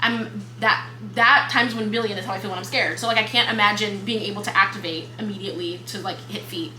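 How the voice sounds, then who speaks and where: A young woman co-hosting a book podcast, retelling the plot in casual chat, expressive and swearing freely. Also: mid-range voice, fast talker. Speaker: podcast co-host. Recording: echoey room with faint hum.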